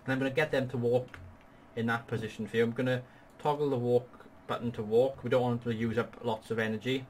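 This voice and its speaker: A man guides a partner through a strategy game battle, explaining each move in a patient, upbeat tone. His pitch sits in a middle range for a man. A faint hiss runs underneath his voice. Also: steady tone, quick pace, darkish tone. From Wales. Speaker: gaming channel host. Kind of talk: strategy game tutorial commentary.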